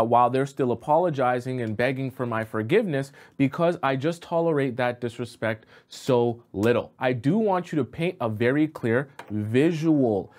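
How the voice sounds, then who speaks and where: A man hosting a relationship advice video, speaking emphatically and instructively. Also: medium pitch. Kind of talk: direct-to-camera advice monologue.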